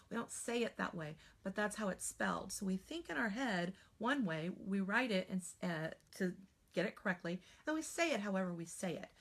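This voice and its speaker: Woman spelling trainer, patient and explanatory, mid-range voice, teaching demo. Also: mid-range voice. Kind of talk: teaching demonstration.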